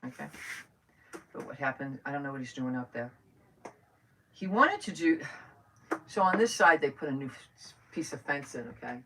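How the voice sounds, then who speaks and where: Middle-aged woman, craft host, rambling chat, low pitch, distant mic. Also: animated, moderate pace, long pauses, noisy background. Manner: chatty, thinks aloud, rambling. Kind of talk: live crafting stream chat.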